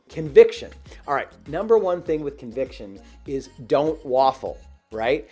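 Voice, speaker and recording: A man coaching on sales calls in an animated way, acting out short example dialogues. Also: medium pitch, slightly rough. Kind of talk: direct-to-camera sales training.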